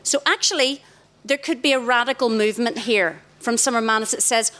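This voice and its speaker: Woman, middle-aged, higher voice, lively youth talk, questions the audience. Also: fairly quick. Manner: animated, questions the crowd directly. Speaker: youth event speaker. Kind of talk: interactive talk to a young audience. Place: large festival tent, live audience.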